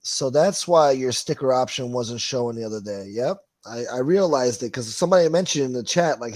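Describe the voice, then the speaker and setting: Guy on a stream reading chat out loud, swears a lot, rambles, dry close sound. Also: mid-range voice, lively intonation, fairly quick, hardly any pauses, dry recording. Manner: profane, rambling, wisecracking, calls people boy. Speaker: livestream host reading chat. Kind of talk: casual chat.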